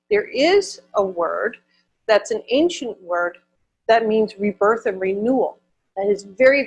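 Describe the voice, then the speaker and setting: A woman's voice: fairly high pitch, husky. A woman from Wisconsin, a minister giving a conversational Sunday sermon, repeating words for emphasis.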